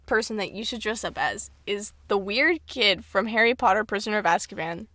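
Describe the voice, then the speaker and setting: A woman's voice: medium pitch, animated, a little fast, pushed and bright, no room sound. A young woman co-hosting a podcast in casual, jokey chat, full of fillers and giggles. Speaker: podcast co-host.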